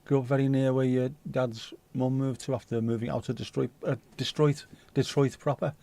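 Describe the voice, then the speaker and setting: A man's voice: medium pitch, flat delivery, normal speed, gravelly, warm tone, dry recording. A man hosting a livestream, chatting casually and rambling while reading out viewer comments, with the odd swear word. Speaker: livestream host.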